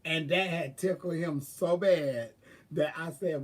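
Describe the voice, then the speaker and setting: A man's voice: fairly high pitch, measured pace, far from the mic. A man hosting a livestream, chatting with viewers and telling sassy, profane stories through bursts of laughter. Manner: gives frank advice to viewers. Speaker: livestream host. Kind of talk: casual storytelling chat.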